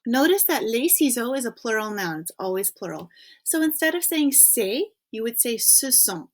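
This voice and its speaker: A woman's voice: fairly high pitch, big pitch swings, moderate pace. A woman teaching a recorded French lesson in English, patiently prompting students to think and checking in with frequent okays.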